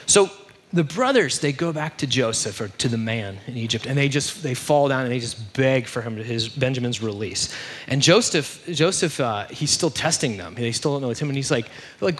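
A man's voice: mid-range voice, animated, moderate pace, breathy edge. A young man retelling a story in a sermon, casual and conversational, peppered with fillers. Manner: conversational, many fillers like "like" and "you know".

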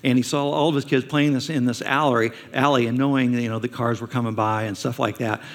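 A man's voice: mid-range voice, steady tone, brisk. A man preaching a sermon as a pastor, telling stories and asking his listeners rhetorical questions. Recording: long reverb of a large hall.

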